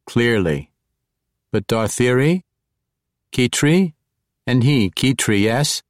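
A man doing a curt, wary dark elf. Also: mid-range voice, lively intonation, slow, dry recording, studio quality, pitched above the performer's own voice. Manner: terse, commanding.

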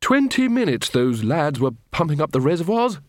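Bluff old head wizard voiced by a male narrator, hearty, raised pitch, dry sound. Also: very animated, moderate pace, a little mellow, dry recording.

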